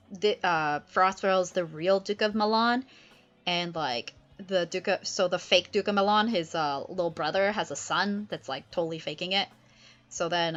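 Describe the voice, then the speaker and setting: A woman's voice: lowish voice, a bit bright, highs cut off. A woman streamer chatting casually about a play, peppering her speech with "like". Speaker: streamer discussing literature. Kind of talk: casual chat.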